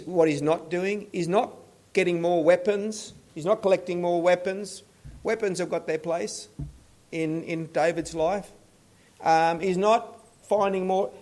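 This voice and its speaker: A man preaches slowly and earnestly, his voice sitting a little high for a man. He stumbles and restarts phrases and often falls to a hushed, pleading tone. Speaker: pastor. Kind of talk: sermon.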